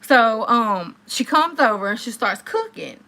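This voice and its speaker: Bright-voiced woman telling a story animatedly. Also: on the high side, measured pace. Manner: animated, chatty, addresses viewers directly. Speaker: live-stream host. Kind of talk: casual storytelling to live viewers.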